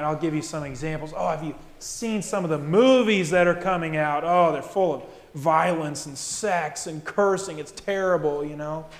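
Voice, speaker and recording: A male pastor giving a conversational sermon, often tagging his points with "right?" and "okay?". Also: sits high. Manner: conversational, frequent tag questions. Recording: echoey hall.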